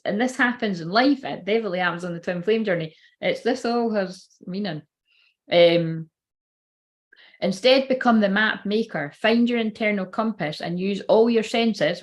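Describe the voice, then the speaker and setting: A woman giving a casual, rambling livestream tarot reading, swearing freely and feeling unwell and tired. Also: mid-range voice. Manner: chatty, swearing, rambling asides. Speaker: tarot card reader.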